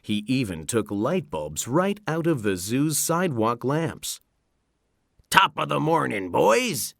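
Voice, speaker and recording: A man reading a children's story aloud in a slow, expressive narration. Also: lowish voice, no room sound, studio quality. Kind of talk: scripted narration.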